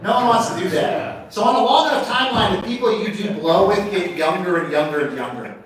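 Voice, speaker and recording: A man's voice: high-pitched, animated, fast. Forties male comic from Oregon, crude and profane, works the crowd; roomy venue sound, mic far off. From Portland, Oregon, USA. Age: 40s. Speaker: stand-up comedian. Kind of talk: open mic stand-up. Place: small comedy venue, indoors. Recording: echoey venue, distant mic.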